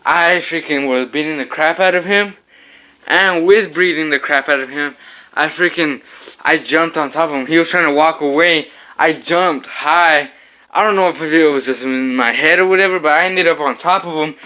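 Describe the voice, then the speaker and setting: A man's voice: a little high, moderate pace. Young man telling a fight story with sound effects. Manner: animated storytelling, acting out blows with sound effects. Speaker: vlogger. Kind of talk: casual storytelling vlog. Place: home kitchen.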